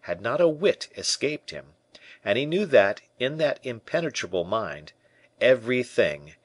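A man narrating a classic adventure novel in an expressive audiobook reading. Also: medium pitch, a little slow, no echo. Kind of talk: scripted narration.

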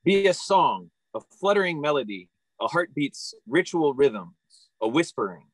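A man in a workshop reading his own poem aloud over a video call, measured and deliberate. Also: on the high side, sing-song, no echo, rough recording. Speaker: workshop participant.

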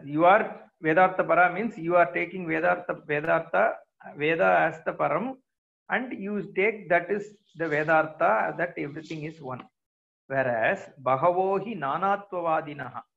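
A man's voice: on the high side, vocal fry. A male teacher explaining a Sanskrit scripture line by line in plain English, often checking with his students. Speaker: Vedanta teacher. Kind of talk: scriptural commentary lecture. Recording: phone-like narrow sound.

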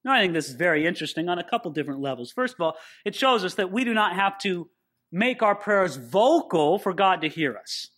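Man, pastor, sermon teaching, high voice, bright tone, conversational, emphatic. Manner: conversational, joking asides, emphatic. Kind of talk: expository Bible teaching sermon.

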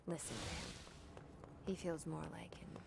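Quiet guarded director, low gravelly murmur, noisy game sound. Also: female voice, level tone, moderate pace. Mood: musing. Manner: quiet, murmured inner thoughts. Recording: game audio with clear background noise.

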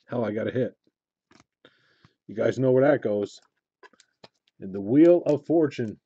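A man hosting a live break cracks open card packs and names his pulls, slipping between quiet asides and animated outbursts. His pace is measured with long pauses and a breathy edge, and the audio is dry and dull.

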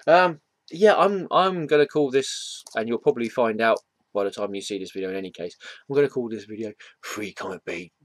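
A man's voice: mid-range voice, brisk, no room sound. A man chatting casually at home about comics, rambling with many fillers, restarts and self-deprecating asides. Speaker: comic book vlogger. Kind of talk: casual vlog chat. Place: home room.

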